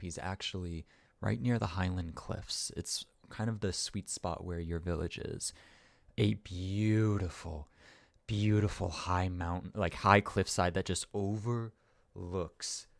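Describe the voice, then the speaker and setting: A man narrating as game master, his voice low and gravelly. He describes the scene loosely, with fillers and restarts. Dry, close sound. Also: dry recording.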